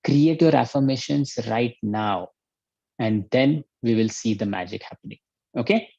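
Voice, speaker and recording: Energetic Indian man coaching a workshop. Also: medium pitch, a little slow, gravelly, no echo, dull audio. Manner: energetic, urging, repeats commands. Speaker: life coach. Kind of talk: online workshop teaching.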